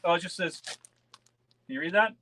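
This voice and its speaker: Casual male streamer, bright and a touch high, loose and giggly, talking straight to his chat. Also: normal speed. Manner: chatty, laughs often, talks to viewers. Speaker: beer channel host.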